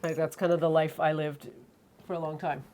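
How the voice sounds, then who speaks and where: A woman from Canada tastes the dish on a cooking show. She chats in an easygoing way and often drops in quick agreeing asides. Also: deep voice, flat delivery, darkish tone, a little hiss or hum. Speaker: co-host taster. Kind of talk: casual chat.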